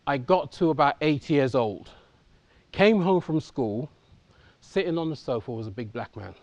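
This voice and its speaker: A man's voice: fairly high pitch, lively intonation, normal speed, a little mellow, no echo. A man in his fifties from England, telling his own life story to an audience in a candid, conversational way and often checking in with them. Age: 50s. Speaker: conference speaker. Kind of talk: personal storytelling talk.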